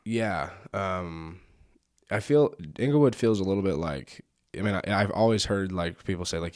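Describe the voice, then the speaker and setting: Young man, very low voice, dry close sound, casual rambling podcast host, lots of swearing. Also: lively intonation, normal speed, no room sound. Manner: rambling, swears often, many fillers. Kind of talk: casual chat.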